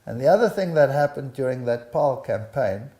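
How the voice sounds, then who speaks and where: A man's voice: medium pitch, moderate pace. An older man, giving an interview and animatedly recounting a personal testimony, acting out the dialogue. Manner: animated storytelling, acts out dialogue. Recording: roomy echo.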